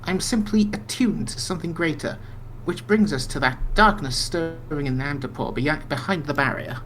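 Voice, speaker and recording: A man's voice: a little high, normal speed, fairly bright tone, a little hiss or hum, close to an everyday voice, low-quality recording. Man putting on an accent as a mystic seer. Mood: solemn. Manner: improvised put-on accent, solemn. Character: male seer, mystic and self-assured brother. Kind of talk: reading game dialogue aloud.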